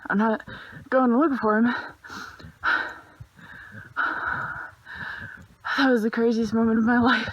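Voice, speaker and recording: A young woman hunter yelling loud, repeated commands outdoors in snowy woods, recorded on the phone she holds. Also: fairly high pitch, steady tone, a little fast, highs cut off. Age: young adult. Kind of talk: yelling to scare off an animal. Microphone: phone held while filming.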